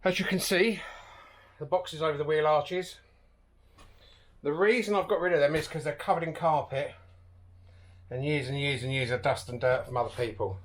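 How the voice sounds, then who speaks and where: A man's voice: fairly high pitch, moderate pace, pauses often. Man talking through a van strip-out. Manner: matter-of-fact, self-deprecating about struggles. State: out of breath. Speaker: van converter. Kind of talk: casual DIY vlog talk.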